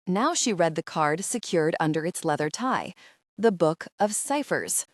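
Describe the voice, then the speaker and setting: A woman narrates a fantasy audiobook in a measured, steady way. Her voice sits a little low, and the recording is dry and close. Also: dry recording.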